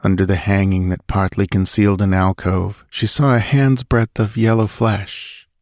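A male narrator with a low voice reads a scripted audiobook passage in a steady, measured way. The recording is studio quality with no room sound.

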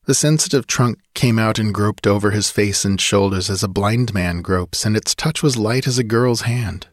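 A man narrating an audiobook in a measured, dramatic way. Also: lowish voice, no echo, clean studio sound.

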